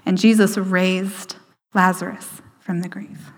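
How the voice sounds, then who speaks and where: A woman giving a sermon, slowing down for emphasis and dropping to a hushed voice for quoted lines. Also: mid-range voice, flat delivery. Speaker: speaker at a church service. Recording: hall reverb.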